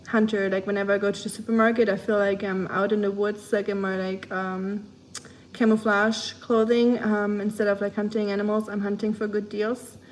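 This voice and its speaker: A woman's voice: medium pitch, level tone, moderate pace, a little hiss or hum. A woman with a German accent chatting casually with her livestream chat, rambling along with lots of fillers.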